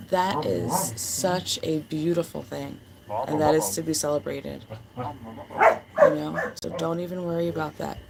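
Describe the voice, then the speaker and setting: A woman's voice: on the low side, gravelly, heavy background noise. A woman hosting a livestream, chatting casually and affectionately with viewers, full of fillers. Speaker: livestream host. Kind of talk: casual chat with live chat.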